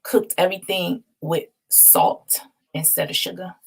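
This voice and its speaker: Chatty lady spilling family tea, low gravelly voice. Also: a little slow. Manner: chatty and animated, laughing often, dishing playful shade. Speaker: vlog host. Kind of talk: casual storytelling to viewers.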